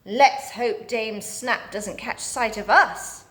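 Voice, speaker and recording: Moonface, a woman doing an excitable fairy-tale man. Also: fairly high pitch, slow. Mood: worried.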